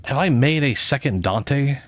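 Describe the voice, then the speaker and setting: A man's voice: mid-range voice, animated, a little slow, soft background music. A man streaming a game in casual chat, sleep-deprived and rambling, cursing now and then.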